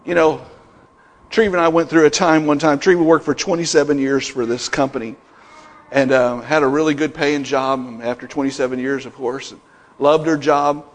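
A man's voice: on the high side, steady tone, normal speed. A middle-aged male pastor preaching a sermon, building emphasis through repeated declarations. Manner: preaching with rising emphatic repetitions. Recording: long reverb in a hall.

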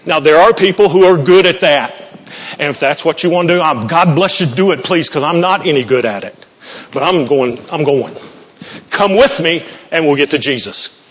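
A man's voice: fairly high pitch, lively intonation, normal speed, a bit bright, husky. A man preaching a sermon in a church, folksy, joking and self-deprecating. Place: church sanctuary. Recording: muffled, with long hall reverb.

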